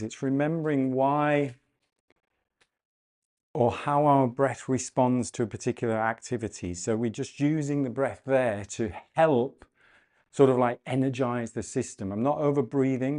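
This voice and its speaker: A man instructs a breathing and mobility class in a calm, gentle manner. He talks through each breath and often slows down to repeat a cue softly. His voice sits at an ordinary middle pitch. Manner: calm, gentle cueing with slowed repeated phrases. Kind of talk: guided exercise class instruction.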